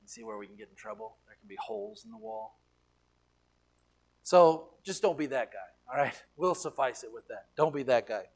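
A pastor preaching a sermon, animated, often repeating words and swinging between quiet asides and loud emphasis. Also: male voice, a little high. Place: church sanctuary.

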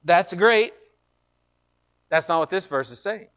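A man preaching a sermon as pastor, conversational with joking asides, slowing down to stress scripture. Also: high voice, lively intonation, a bit bright.

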